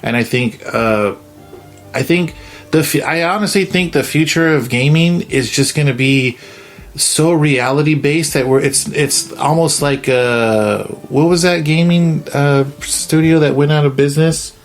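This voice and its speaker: A man's voice: fairly high pitch, unhurried, faint music behind. A young man co-hosting a podcast, chatting casually about a film, laid back and full of slang. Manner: laid-back, swears, says "dude" a lot. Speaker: podcast co-host. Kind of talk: casual chat.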